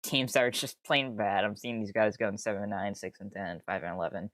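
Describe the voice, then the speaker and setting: A man's voice: on the low side, steady tone, fairly quick, fairly bright tone, no room sound, clean studio sound. A young man streaming casually, rambling and easily sidetracked, swearing freely with exasperated outbursts. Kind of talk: casual live-stream commentary.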